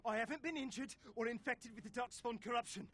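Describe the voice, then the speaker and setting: A man's voice: extremely high pitch, quick pace, crowd noise. An actor playing a nervous, caged male treasure hunter in a video game, pleading and jittery.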